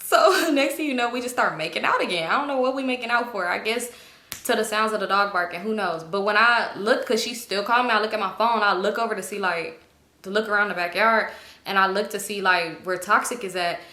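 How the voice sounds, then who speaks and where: A young woman vlogger telling a storytime tale in an animated, chatty way, laughing often. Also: mid-range voice, brisk, echoey room. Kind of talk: storytime vlog.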